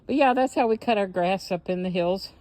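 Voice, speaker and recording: A woman's voice: medium pitch, fairly quick, darkish tone. An older woman from Kentucky with an Appalachian Southern accent, chatting casually and a bit out of breath as she walks her yard and cooks in her kitchen. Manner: homey, rambling, talks while walking and cooking. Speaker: home vlogger. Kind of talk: casual chat. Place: yard, then home kitchen.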